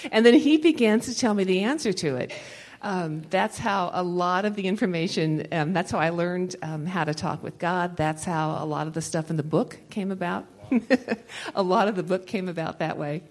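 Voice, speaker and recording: Her voice is fairly low with a darkish tone, at normal speed, captured in a rough recording. She leads a session at a Christian conference, teaching a live crowd in a loose, chatty way with frequent laughter between ideas.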